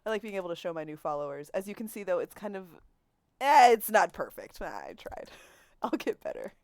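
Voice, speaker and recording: A woman's voice: medium pitch, very animated, a little fast, darkish tone, no room sound, studio quality. A young adult woman streaming a game at home, chatting in a rambling, giggly way with lots of fillers, on a desk microphone. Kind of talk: casual game-stream chat.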